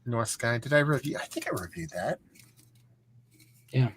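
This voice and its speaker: A chatty man from Pennsylvania hosts a live beer hangout and rambles through a long story, restarting sentences and swearing freely. His voice is bright and forceful. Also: mid-range voice, animated, moderate pace, slight background noise. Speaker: beer show host. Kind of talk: casual live-stream chat.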